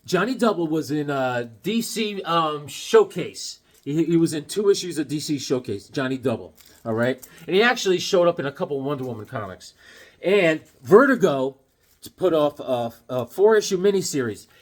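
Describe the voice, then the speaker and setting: Speaking at a normal pace in a slightly high voice, a man casually recounts a childhood story while showing comics from his collection. He's animated, acting out yelps and other voices along the way.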